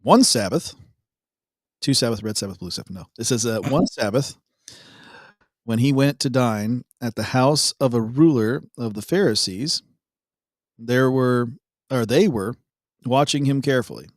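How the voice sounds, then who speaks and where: A man co-hosting a devotional show, reading a Bible passage and joking around in a relaxed, casual chat. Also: mid-range voice, unhurried, no echo, clean studio sound. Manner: laid-back, jokey, laughs often.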